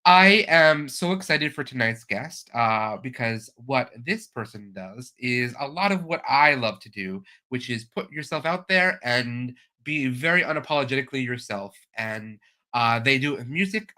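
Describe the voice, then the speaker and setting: A man's voice: medium pitch, sharp tone. A man hosting a live stream chat show, talking in an enthusiastic, chatty way with plenty of fillers. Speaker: host.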